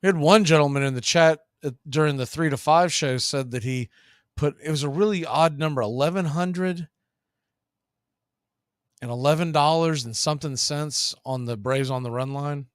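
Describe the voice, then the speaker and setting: A man hosting a casual baseball play-by-play stream, chatting between pitches. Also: moderate pace, clean tone, no echo, studio quality. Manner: relaxed, chatty, drifting into betting talk. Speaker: play-by-play announcer and show host.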